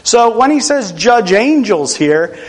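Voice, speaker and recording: A man from Pennsylvania delivers a sermon in a relaxed, conversational tone. His voice sits high for a man. He drops in dry jokes at his own expense as he teaches. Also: slow pace, low-quality recording. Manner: conversational, self-deprecating humor. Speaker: preacher.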